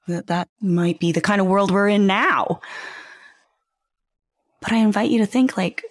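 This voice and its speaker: A woman's voice: lowish voice, darkish tone, no room sound, clean studio sound. A woman hosting a podcast, talking earnestly in a conversational way and posing rhetorical questions to the listener. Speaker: podcast host. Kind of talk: reflective podcast monologue.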